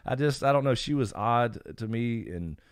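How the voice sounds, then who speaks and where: A man's voice: medium pitch, lively intonation, normal speed, clear, resonant tone, no room sound, clean studio sound. A man hosting a casual live stream Q&A, rambling with frequent fillers as he greets chat names. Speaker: YouTube channel host. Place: home.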